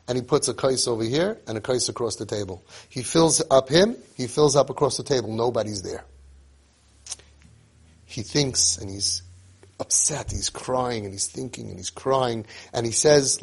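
A man's voice: mid-range voice, breathy edge. A man giving an emphatic sermon, repeating phrases and telling a story.

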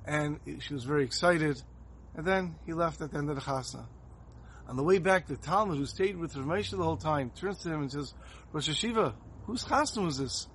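A man's voice: on the high side, expressive, a little fast, a bit bright, a little hiss or hum. Earnest man telling a Torah story. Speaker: rabbi giving a Torah talk. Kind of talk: sermon with storytelling.

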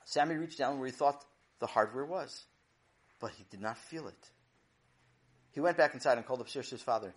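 A man's voice: mid-range voice, brisk, pauses often. A man narrating a children's story in a playful, dramatic way. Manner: animated, playful, dramatic build-ups.

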